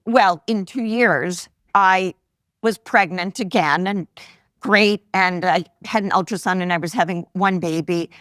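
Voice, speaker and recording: A woman's voice: on the low side, measured pace, dry recording, studio quality. A woman in her sixties, an investor guest telling personal stories in a live podcast interview, acting out the voices she quotes. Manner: animated anecdotes, acts out quoted voices. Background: live audience laughter.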